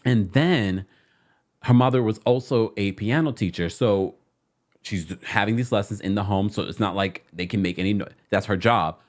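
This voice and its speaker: A man hosting a casual reality TV recap, chatty and animated, repeating phrases for emphasis. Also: on the low side, normal speed.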